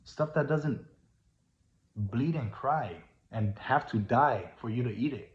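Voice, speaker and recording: A man's voice: medium pitch, takes it slowly. A man giving a casual, earnest, preachy monologue that repeats itself and grows emphatic. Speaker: vlogger. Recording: roomy, dull lo-fi sound.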